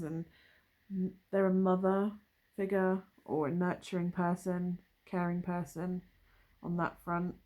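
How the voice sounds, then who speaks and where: A woman's voice: fairly low pitch, a little mellow. Musing woman reading tarot. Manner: musing, thinking aloud with trailing asides. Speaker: tarot reader. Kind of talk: casual tarot reading to camera.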